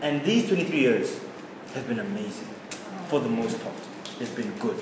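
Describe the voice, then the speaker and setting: A man's voice: mid-range voice, expressive, moderate pace. A man in his twenties from South Africa, co-hosting a casual podcast chat, opinionated and laughing often. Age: 20s. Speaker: podcast co-host. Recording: echoey room, mic far off, background noise.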